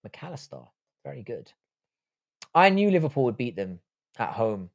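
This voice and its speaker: A man's voice: mid-range voice, very animated, normal speed, vocal fry. A man hosting a casual live stream, reading out viewer chat and answering it with loose, profane talk. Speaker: livestream host.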